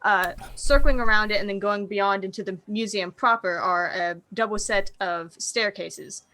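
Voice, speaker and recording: A woman game master narrating a tabletop vampire game, describing scenes in a relaxed, casual way and swearing now and then. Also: mid-range voice, normal speed.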